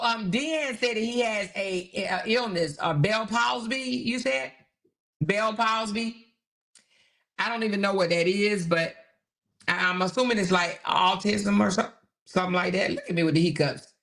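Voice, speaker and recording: A man's voice: high voice, sharp tone. A man hosting a casual commentary show, chatty and given to laughing and exclaiming to his viewers.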